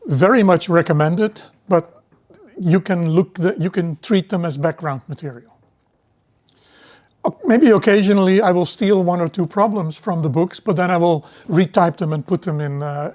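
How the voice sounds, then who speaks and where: A middle-aged man giving a university lecture in a relaxed, digressive way, often restarting his sentences. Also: high voice.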